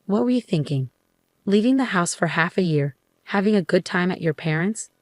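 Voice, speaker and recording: A snide, scornful husband who talks down to his wife and rants at her, read by a woman narrator in her own lowish voice. The sound is dry, close and free of room echo. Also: animated, normal speed, lightly acted. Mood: angry. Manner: snide, ranting. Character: scornful condescending husband, adult man.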